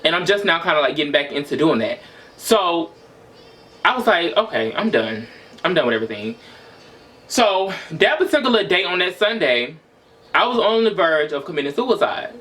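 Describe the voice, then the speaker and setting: A man's voice: high voice, expressive, normal speed, bright, forceful tone. A man in his twenties venting in a raw, emotional, profane personal monologue for his vlog. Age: 20s. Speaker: vlogger.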